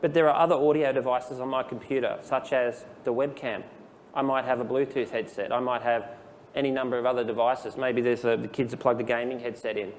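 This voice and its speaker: A man giving a casual, explanatory software training presentation to a live audience in a room. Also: mid-range voice, fairly even intonation, fairly quick, big-room sound, a little hiss or hum. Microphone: handheld dictation microphone.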